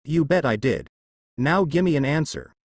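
A man's voice: a little high, animated, a little slow, no echo. Naruto, a man doing a cheeky brash ninja boy. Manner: cheeky, sarcastic.

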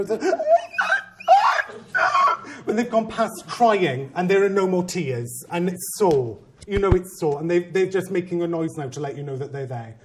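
A man who is a head teacher, giving a conference talk and telling a story with humor and animated, self-mocking asides. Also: high voice, a little hiss or hum.

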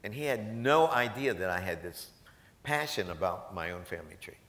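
A man, a professor, telling animated, self-deprecating anecdotes to a live audience and laughing often. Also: lowish voice, normal speed, reverberant. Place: large event hall.

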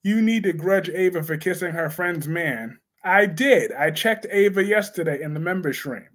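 A young man with a high voice hosts a live stream about soap operas. He reads viewer comments aloud, reacts with sudden bursts of excitement, and talks in a loose, slangy way. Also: normal speed. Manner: animated, laughing, slangy, reacts loudly to chat.

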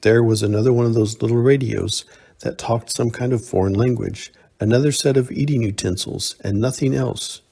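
A man narrating a science fiction short story in a measured, steady reading. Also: medium pitch, vocal fry, husky.

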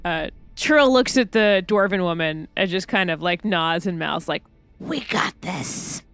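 A woman describing her character's moves in a tabletop game in a relaxed way. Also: lowish voice, moderate pace, clean tone, soft background music. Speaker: player.

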